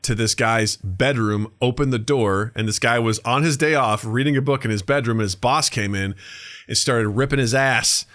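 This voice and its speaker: A man's voice: mid-range voice, normal speed, fairly bright tone. A man co-hosting a podcast in casual chat, telling stories animatedly, acting out the voices of bosses and workers and swearing freely. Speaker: podcast co-host.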